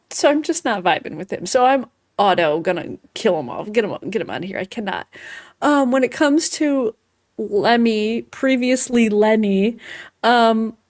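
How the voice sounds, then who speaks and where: A woman's voice: on the high side, lively intonation, normal speed, darkish tone. A woman co-hosting a casual chat, giggly and laughing through her words, acting out silly quoted voices. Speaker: podcast co-host.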